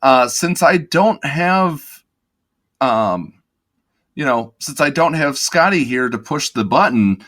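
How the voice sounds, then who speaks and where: A man's voice: fairly high pitch, animated, fairly bright tone. Upbeat laughing male podcast co-host. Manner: upbeat, laughs often, halting restarts. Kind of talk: casual podcast chat.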